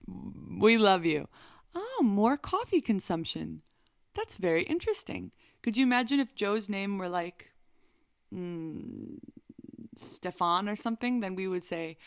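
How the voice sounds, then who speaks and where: A woman's voice: lowish voice, animated, unhurried, no room sound, clean studio sound. Playful chatty woman vlogger. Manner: playful and chatty, bursts into song. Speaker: singer and vlogger. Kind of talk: casual chat to camera.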